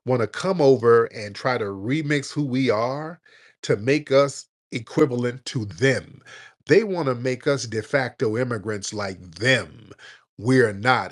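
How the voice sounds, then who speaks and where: A man hosting a live audio chat, ranting bluntly and profanely. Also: mid-range voice. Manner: blunt, profane, animated rant. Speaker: host.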